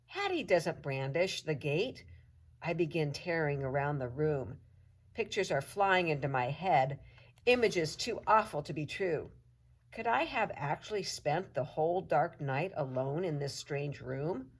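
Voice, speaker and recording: Low-voiced woman reading a storybook aloud. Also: slightly rough. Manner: expressive storytelling. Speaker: teacher. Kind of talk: reading a children's chapter book aloud.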